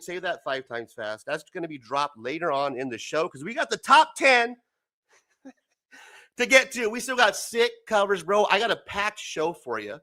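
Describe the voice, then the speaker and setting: A man's voice: high-pitched, sing-song, normal speed, bright, forceful tone. A man hosting a live stream and ranting heatedly, swearing a lot and laughing often. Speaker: host.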